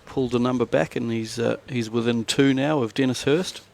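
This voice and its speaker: Gravelly New Zealand man co-commentating. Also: medium pitch, steady tone, fairly quick, a little mellow. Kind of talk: live sports commentary.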